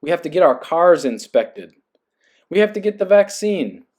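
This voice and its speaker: Earnest musing man, fairly high voice. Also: very animated, moderate pace, a little mellow. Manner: earnest, musing, checks in with listener. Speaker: podcast host. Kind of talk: reading aloud and reflective monologue.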